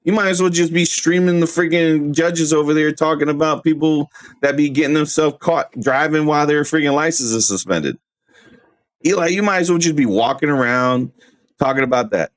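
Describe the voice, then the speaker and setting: With a slightly high voice at normal speed and no echo, a man rants casually on his livestream. He rambles brashly, trash-talks, restarts often, and laughs at his own jokes.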